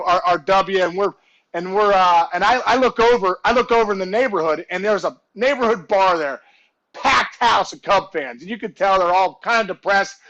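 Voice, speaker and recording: A man on a video call telling a story in casual chat, animated and acting out voices and shouts as he goes. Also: high-pitched, low-quality recording. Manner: animated, acts out voices and shouts in his stories. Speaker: guest storyteller, former ballplayer.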